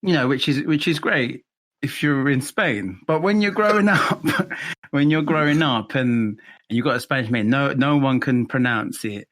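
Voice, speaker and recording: A man with an English accent chatting casually as a podcast co-host, halting and restarting often, with laughs between phrases. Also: medium pitch, lively intonation, fairly bright tone. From England. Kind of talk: casual chat.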